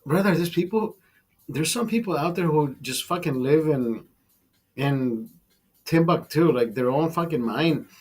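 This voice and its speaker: A man's voice: on the high side, unhurried, husky. A man hosting a casual live chat over beers, rambling and swearing freely as he tells stories. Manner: rambling, profane, calls listener brother. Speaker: livestream host.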